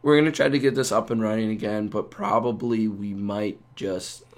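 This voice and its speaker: A man co-hosting a casual podcast, hoarse and rough-voiced from being sick, rambling in a loose, joking way. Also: on the low side, steady tone, moderate pace. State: hoarse from a cold. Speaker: podcast co-host.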